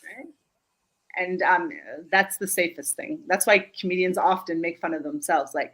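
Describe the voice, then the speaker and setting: A woman from Germany, a speaking coach, talking in a live online interview in an animated, joking way, often checking in with "Yeah?". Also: fairly low pitch, husky, low-quality recording. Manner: animated, joking, quick asides. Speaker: guest speaker and humor coach. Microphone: video call.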